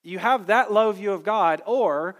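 Emphatic preacher in an echoing hall. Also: male voice, high voice, unhurried. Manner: conversational preaching, builds to emphatic peaks. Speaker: pastor. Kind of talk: sermon.

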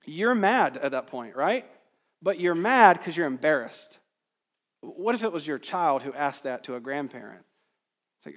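A man preaches an expository sermon in an earnest, emphatic way. His voice sits somewhat high and climbs at the points he stresses. The sound carries a long reverb from the hall. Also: animated, a little slow. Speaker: pastor.

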